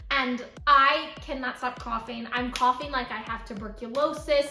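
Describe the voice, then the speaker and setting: A woman's voice: high voice, steady tone, fairly quick, hardly any pauses, pushed and bright. A woman in her twenties telling a story-time vlog in a chatty way, full of "like" fillers. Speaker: vlogger. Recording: echoey room.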